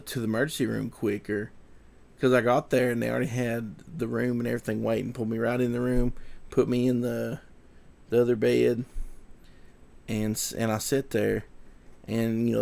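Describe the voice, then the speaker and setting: Guy vlogging, kinda gravelly, rambles and repeats stuff, sounds shaken. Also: medium pitch, a little mellow. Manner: rambling, repeats himself, trails off. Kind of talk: casual storytelling to camera.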